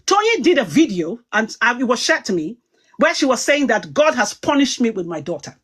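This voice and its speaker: A woman's voice: a little high, big pitch swings, brisk, husky. A woman talking heatedly on a livestream, emphatic and rambling as she goes. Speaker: online commentator.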